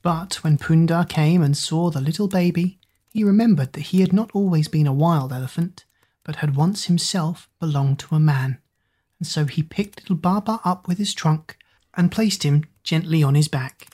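A woman reads a bedtime story aloud in a gentle, unhurried way. Her voice sits low, mellow and warm, with a breathy edge.

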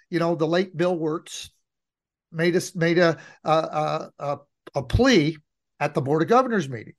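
A man's voice: on the high side, unhurried. A middle-aged man co-hosting a casual hockey podcast, telling stories and repeating phrases for emphasis. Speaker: podcast co-host.

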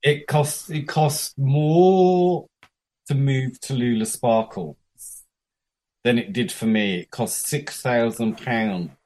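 A man, chatting as a podcast guest and telling a story with lively, freely swearing delivery and acted-out dialogue. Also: medium pitch, takes it slowly. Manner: animated, swears freely, acts out quoted dialogue. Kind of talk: casual storytelling chat.

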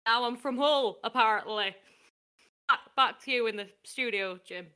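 A blustering old northern boomer sports reporter, played by a woman in an improv comedy game. The put-on northern English accent sits on a bright, forceful voice pitched a touch high, and the rants about the good old days come out gruff and old-fashioned. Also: normal speed. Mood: ranting.

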